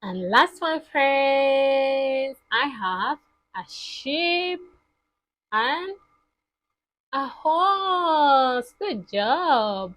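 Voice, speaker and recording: A woman teaching toddlers, speaking in a slow, sing-song, exaggerated way. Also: sits high, animated, fairly bright tone, faint music behind. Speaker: children's teacher. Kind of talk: toddler lesson.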